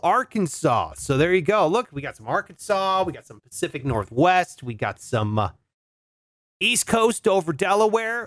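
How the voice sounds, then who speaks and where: Animated casual man hosting a podcast. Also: on the high side, no room sound, studio quality. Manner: laid-back, swears freely, says dude and bro. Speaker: podcast host. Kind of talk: casual solo podcast chat.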